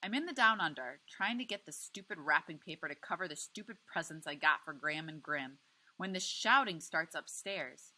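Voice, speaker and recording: A woman teacher reading a novel aloud to a class with expressive, lively storytelling. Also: sits low, normal speed, rough recording.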